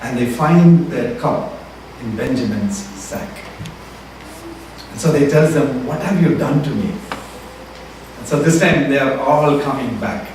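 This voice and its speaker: A man's voice: medium pitch, a little mellow. A man preaching a sermon as pastor, retelling a story with acted-out quotes. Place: church sanctuary. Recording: echoey church hall, mic from far off, faint room noise.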